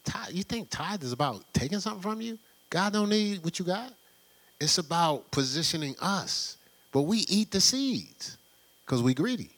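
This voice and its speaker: A man preaching a sermon in a loose, conversational way, full of rhetorical questions and quick laughs. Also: high-pitched, sing-song, a bit bright. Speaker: pastor.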